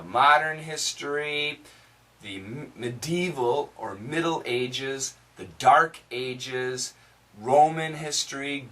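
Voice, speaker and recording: An American man teaching English pronunciation, patiently repeating words slowly so learners can drill them. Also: mid-range voice, sharp tone, distant mic. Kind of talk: pronunciation lesson.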